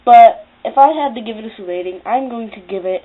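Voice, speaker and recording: A woman's voice: a little high, fairly quick. A woman giving a casual, rambling film review, full of fillers and restarts. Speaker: movie reviewer. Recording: tinny phone-like audio.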